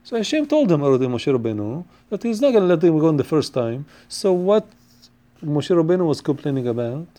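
A man teaching a Torah class on the weekly portion. His voice sits a little high but sounds dark and mellow, and he rushes through his explanations. His English stops and restarts often, broken up by quickly chanted Hebrew quotes. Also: very animated. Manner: non-native English with frequent restarts.

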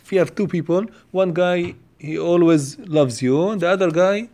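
Man, somewhat high voice, teaching a Torah lesson, questioning, repeats himself, fast Hebrew quotes. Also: warm tone. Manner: questioning, explains step by step, repeats phrases; quotes Hebrew passages quickly.

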